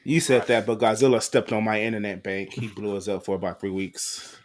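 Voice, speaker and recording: A man co-hosting a podcast in casual, joking chat full of slang, swinging from mumbles to loud bursts. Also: lowish voice, level tone, a little fast. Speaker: podcast co-host.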